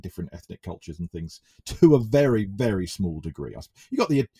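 A man's voice: deep voice, sing-song, fast, mellow, slightly rough. A man from England co-hosting a casual film podcast, hesitant, with many restarts. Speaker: podcast co-host.

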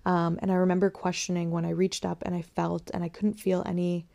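A young woman hosting a podcast, candidly telling a personal story with whispered asides and soft laughs. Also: on the low side, flat delivery, a little fast, vocal fry. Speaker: podcast host sharing her birth story.

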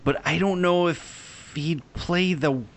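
A man's voice: a little high, slow. A man in a casual chat, dropping short, dry remarks.

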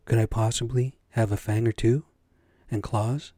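A man voicing a timid, nervous little male rabbit in a spoken storybook tale, soft and hesitant. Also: medium pitch, fairly even intonation, moderate pace, no echo, natural voice.

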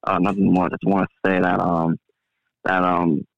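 A man's voice: deep voice, level tone, gravelly, no room sound. A man calling in to a talk show, speaking hesitantly. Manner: hesitant, halting. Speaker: caller. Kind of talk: call-in talk. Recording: dull lo-fi line.

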